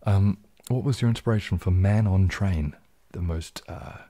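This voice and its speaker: Reading viewer comments aloud, a New Zealand ASMR streamer replies in a low, relaxed manner during a soft-spoken, casual live stream. His deep, husky voice is warm and moves at a moderate pace.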